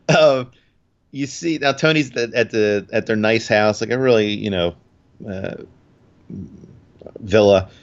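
A man's voice: lowish voice, slow pace, long pauses, muffled recording. A man casually recapping a TV episode in a podcast chat, rambling with fillers and acting out quotes.

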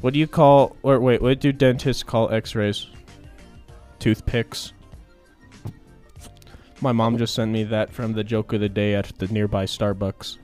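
A man's voice: lowish voice, flat delivery, a little slow, pauses often, darkish tone, clean tone, soft background music. A man co-hosting a podcast, dryly telling corny jokes in casual chat. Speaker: podcast co-host.

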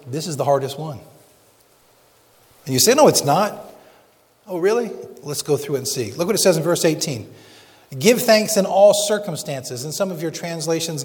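A man preaching a sermon in an earnest way, slowing down to stress verses of scripture. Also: a little high, a little mellow, long reverb tail. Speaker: pastor.

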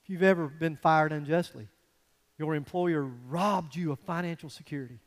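A man preaching a sermon as a pastor, swinging from quiet, low passages to loud, emphatic ones. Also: moderate pace, big-room sound.

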